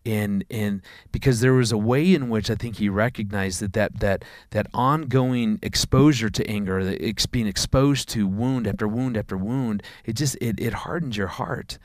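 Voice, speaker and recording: A man, a father of four, telling a personal story in a conversation, earnest and halting, often repeating words. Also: fairly low pitch, dry recording, clean studio sound.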